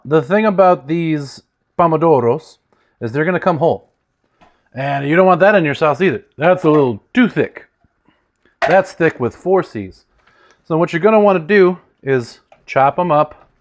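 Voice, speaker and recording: A man hosting a casual cooking demonstration in a home kitchen, chatty and joking, his voice sometimes drifting away from the mic. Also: a little high. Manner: chatty and joking, with lively swings in loudness. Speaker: home cook host.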